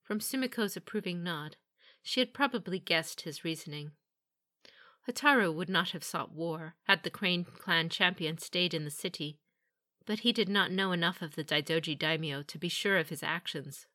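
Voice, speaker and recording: A woman reading a fantasy novel aloud with steady, even storytelling. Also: fairly low pitch, normal speed. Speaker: audiobook narrator. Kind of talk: scripted fantasy narration.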